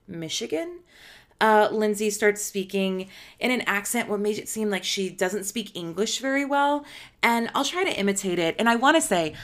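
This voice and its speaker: A woman's voice: mid-range voice, a bit bright. Woman, podcast host, from Illinois, casual gossipy storytelling, lots of "like". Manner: chatty, gossipy, with frequent filler words.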